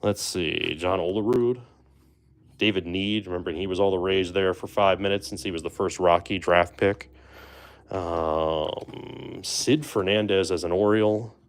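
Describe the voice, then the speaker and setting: A man hosting a live stream, chatting casually and making relaxed asides to his viewers. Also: low voice, measured pace, gravelly. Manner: chatty, relaxed, trails off with fillers and asides to chat. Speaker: livestream host opening baseball card boxes.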